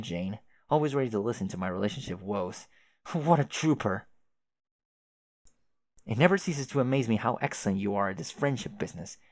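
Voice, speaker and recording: A man's voice: on the low side, close to an everyday voice. A man voicing a chatty, oblivious young male adventurer who rambles with old-fashioned folksy exclamations.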